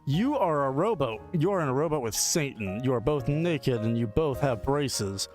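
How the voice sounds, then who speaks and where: A man's voice: mid-range voice, expressive, moderate pace, darkish tone, faint music behind, lightly acted. A man voicing an immortal angel guardian who speaks in a formal, ceremonial way. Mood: solemn. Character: grand immortal angel guardian, male, solemn.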